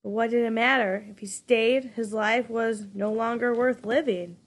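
A woman reading a novel aloud in an even, unhurried storytelling style. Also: on the high side. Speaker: narrator. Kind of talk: audiobook reading.

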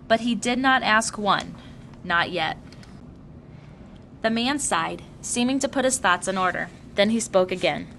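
A woman reading a novel aloud with calm, steady storytelling. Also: mid-range voice, creaky, slight background noise. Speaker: reader.

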